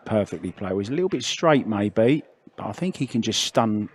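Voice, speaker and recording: A man doing relaxed, chatty play-by-play commentary on a billiards match. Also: fairly low pitch, a little fast, husky.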